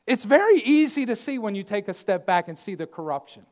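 This preacher speaks fairly quickly in a high-pitched voice with big swings in pitch. His sermon is emphatic and full of repetition, shifting from booming declarations to quiet asides.

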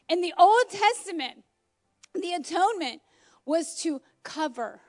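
High-voiced passionate woman preaching. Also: lively intonation, unhurried, darkish tone. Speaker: homeschool mom preaching. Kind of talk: informal sermon. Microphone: phone.

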